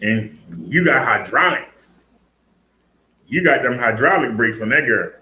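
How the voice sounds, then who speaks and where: A man's voice: mid-range voice, expressive, measured pace, sharp tone, echoey room, poor audio. A man casually demonstrating an e-bike in a vlog, chatty, laughing and talking to his viewers. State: out of breath. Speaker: fitness and e-bike vlogger.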